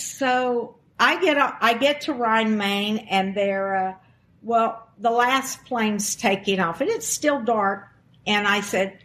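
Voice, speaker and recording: Older woman telling a lively story. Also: medium pitch. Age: 60s. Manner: animated, acts out quoted dialogue. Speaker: guest. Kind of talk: personal storytelling.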